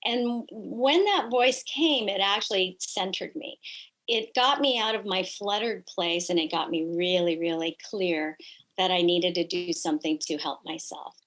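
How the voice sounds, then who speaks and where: A middle-aged woman telling personal stories in an earnest, reflective way, often pausing on fillers as a guest in a conversation. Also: fairly low pitch, fairly bright tone, rough recording.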